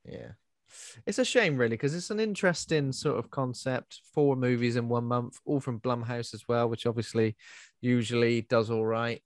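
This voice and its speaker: A man's voice: medium pitch, normal speed, no echo. Man, chatty podcast co-host, lots of fillers, dry recording. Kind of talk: casual chat.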